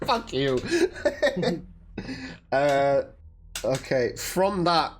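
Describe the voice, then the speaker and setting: A man's voice: a little high, sing-song, very slow, a little hiss or hum. Laughing, swearing young man playing a character. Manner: joking, swearing, laughs often. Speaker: player. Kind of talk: casual tabletop role-play.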